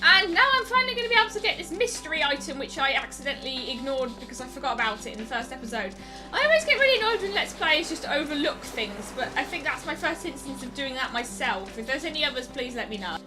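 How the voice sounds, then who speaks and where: With game music in the background, a high-pitched woman rattles off very animated, rapid commentary as she hosts a let's play. She's chatty and wry, picking apart the game's flaws.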